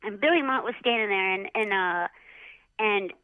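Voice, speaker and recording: A middle-aged woman and former jockey telling stories in a casual interview, animated, acting out others' lines and saying "like" often. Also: medium pitch, moderate pace, smooth, dry recording. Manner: animated, acts out others' lines with many "like" fillers. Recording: dull lo-fi audio.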